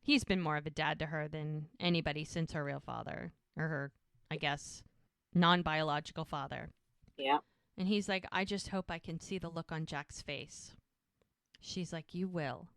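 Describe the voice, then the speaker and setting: A woman with a slightly low voice retells a TV episode, acting out the characters' lines one after another. She speaks close to a dry, dead-sounding mic in a relaxed podcast chat. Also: clear, resonant tone, no room sound. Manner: retells scenes by quoting characters. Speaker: podcast co-host. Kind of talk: casual recap of a TV episode.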